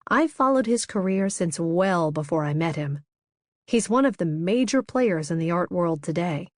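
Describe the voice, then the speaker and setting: A woman narrates a first-person romance audiobook in a measured, intimate way. Her voice sits lowish. The recording is close and dry, made on a studio microphone with no room sound. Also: expressive, darkish tone, dry recording.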